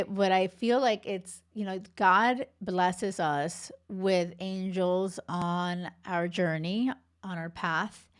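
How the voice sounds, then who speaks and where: A woman in her thirties, a love coach, talking casually and warmly on her podcast, rambling with fillers. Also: on the low side, smooth. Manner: chatty, heartfelt, rambling with fillers.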